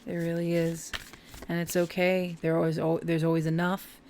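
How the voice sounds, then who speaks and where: A woman's voice: fairly low pitch, completely flat delivery, normal speed, darkish tone. A woman giving a casual tarot reading to camera, heartfelt and emotional as she talks straight to her viewers. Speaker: tarot reader.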